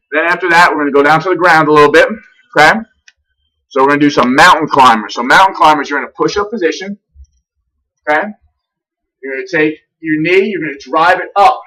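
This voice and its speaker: Guy walking you through a warm-up, kinda breathing hard, sounds far from the mic. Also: a little high. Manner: instructive, repeatedly checks in with a quick "okay?". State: breathing a little heavy. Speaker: fitness trainer. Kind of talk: demonstrating a workout warm-up.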